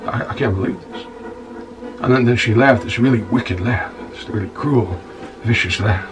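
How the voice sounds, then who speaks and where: An actor playing a rough, self-pitying bar-owner scoundrel, stammering and repeating words as he tells his woes to "son". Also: on the low side, normal speed, distant mic, noisy background, close to an everyday voice. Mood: aggrieved. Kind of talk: monologue in a comedy-drama web series.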